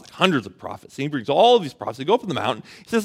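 A man's voice: sits high, big pitch swings, racing, creaky, hardly any pauses. A man preaching a sermon in a conversational way, asking the audience questions and retelling a story with casual slang. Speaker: pastor.

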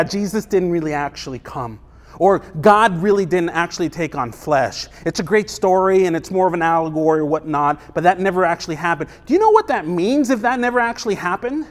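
Pastor, male, high voice, casual emphatic preaching style, rhetorical questions, long church-hall reverb. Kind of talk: sermon.

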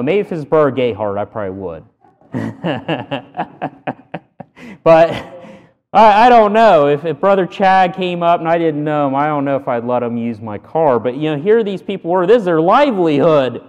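A man preaching a sermon with earnest emphasis, punching key words loudly between pauses. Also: fairly high pitch, sing-song, long reverb tail, muffled recording. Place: church sanctuary.

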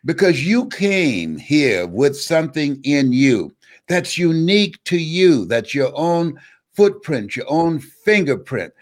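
A man's voice: on the high side, sing-song, slow pace. An older man, a motivational speaker, talking with a preacher-like cadence and repeating words for emphasis. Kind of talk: motivational speech in an interview.

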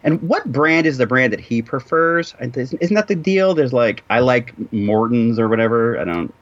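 A wry male podcast host chats casually and teases his co-host with playful asides. His pitch swings about animatedly. The sound is dry and somewhat dull. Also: animated, normal speed, fairly bright tone, no room sound. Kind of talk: casual chat.

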